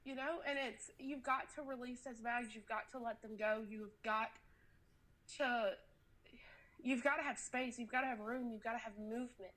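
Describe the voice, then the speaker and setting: A woman's voice: a little high, steady tone, normal speed, a bit bright. Winded woman preaching. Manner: earnest, preachy, rambling with many fillers. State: sick, out of breath. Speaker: podcast co-host. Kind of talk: casual faith talk.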